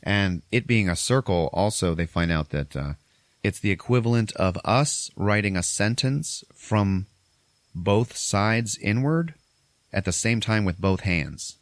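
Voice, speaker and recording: Deep guy recapping a movie on a podcast, swears a lot, dry close sound. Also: animated, no room sound. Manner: retells film scenes with quick impressions of characters, swearing freely. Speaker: podcast host.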